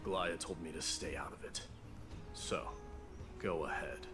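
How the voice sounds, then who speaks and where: A proud young heir in a video game who speaks formally and with measured weight. His voice sits very low, and clear music plays behind the game dialogue.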